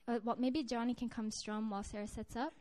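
A woman's voice: a little high, fairly even intonation, brisk, mellow. A woman giving a conversational, earnest sermon with a personal story to a group, often restarting her sentences. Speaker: preacher.

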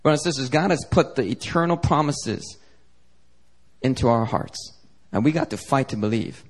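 A man preaching a sermon as pastor, telling a lively, joking story to the congregation. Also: medium pitch, moderate pace. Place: church service.

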